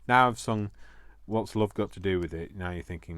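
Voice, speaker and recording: A man's voice: deep voice, moderate pace, background noise. A man chatting to viewers while crafting, joking at his own expense. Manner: self-mocking, jokey asides to viewers. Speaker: craft vlogger.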